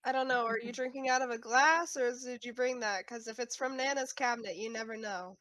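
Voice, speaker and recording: A woman at a tabletop game describes her character's moves, hesitant and full of fillers. Her voice sits slightly high. The sound is close and dry. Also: brisk, a bit bright, dry recording. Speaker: player. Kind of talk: narrating her character's actions.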